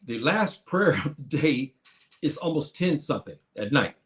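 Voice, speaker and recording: A man's voice: mid-range voice, big pitch swings, moderate pace. A man in his seventies gives an emphatic, repetitive lecture to his community, often addressing the listeners as brothers and sisters. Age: 70s. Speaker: teacher of a class. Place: Morocco.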